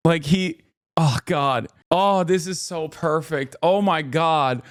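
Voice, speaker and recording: A man in his thirties riffs excitedly on a video during a livestream, with a fairly high voice and a dry sound close to the mic. He talks in quick, gleeful bursts and keeps exclaiming. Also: no echo. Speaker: streamer reacting to a debate video. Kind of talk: casual reaction commentary.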